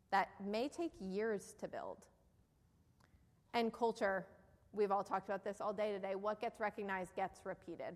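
A woman with a New Jersey accent giving an earnest, persuasive business presentation to a live audience, often putting questions to the room. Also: mid-range voice. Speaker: keynote speaker. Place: event hall before a live audience. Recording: long hall reverb.

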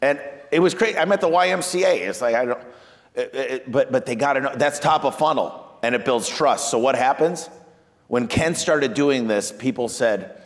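Male business owner, energetic storyteller, medium pitch, reverberant room. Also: moderate pace. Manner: energetic storyteller, acts out quoted clients in a higher voice. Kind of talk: animated business talk.

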